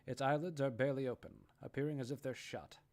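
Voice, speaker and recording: A man's voice: mid-range voice, fairly even intonation, fast talker, darkish tone. A man narrating audition scripts aloud, reading steadily and correcting small slips as he goes. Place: online voice chat.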